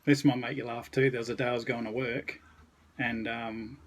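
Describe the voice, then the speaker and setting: A man's voice: mid-range voice, level tone, moderate pace, a little hiss or hum, low-quality recording. Laid-back Australian man telling stories. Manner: laid-back, rambling anecdotes with mild swearing. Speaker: podcast guest. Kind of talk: casual storytelling.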